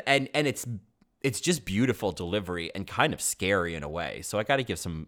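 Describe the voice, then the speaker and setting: A man hosting a podcast, chatting casually about old films in an animated, rambling way, full of tangents and self-interruptions. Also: deep voice, a little fast. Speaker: podcast host. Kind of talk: casual film commentary.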